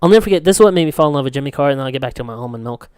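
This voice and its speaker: A man's voice: mid-range voice, lively intonation, very fast, a little mellow, smooth, dry recording, studio quality. A young man co-hosting a podcast, telling rambling stories in casual chat, swearing freely and laughing often. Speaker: podcast co-host.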